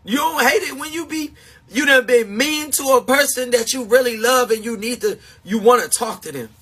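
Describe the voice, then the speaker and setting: A man talking live to his supporters in a high, bright voice with a husky, breathy edge. He speaks slowly and emphatically. He repeats himself, laughs between points, and sounds confessional. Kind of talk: casual livestream chat.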